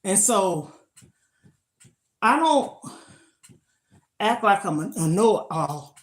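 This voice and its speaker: A woman's voice: lowish voice, unhurried. An older woman chatting casually on a live stream while she exercises, talking in an emphatic, motivational way into a phone. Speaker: lifestyle vlogger.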